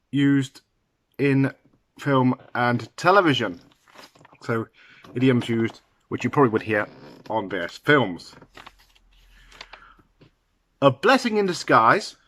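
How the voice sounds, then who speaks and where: A man teaching English idioms to learners, talking slowly and halting now and then with fillers and restarts. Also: mid-range voice, expressive, a bit bright.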